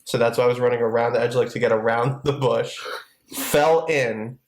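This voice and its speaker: A man telling a childhood story in casual chat, animated, laughing often and swearing casually. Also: medium pitch, moderate pace, roomy sound. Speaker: podcast co-host.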